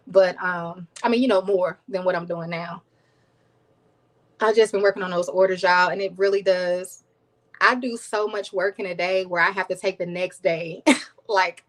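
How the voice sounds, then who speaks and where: A woman's voice: medium pitch, rough recording. A woman hosting a live stream, chatting casually with viewers, thanking them by name and laughing often, with a voice people call soothing. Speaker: cooking channel host.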